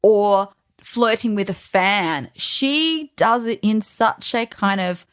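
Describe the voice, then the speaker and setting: A woman's voice: mid-range voice, expressive, slow pace, clear, resonant tone. A woman co-hosting a film review show, chatting casually and explaining historical facts plainly. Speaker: film review podcast co-host. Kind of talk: casual chat.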